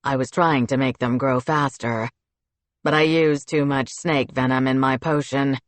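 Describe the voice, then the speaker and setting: A woman reading an audiobook, voicing a relaxed, easygoing male otherworldly flag keeper in a lowered voice. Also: measured pace, no room sound.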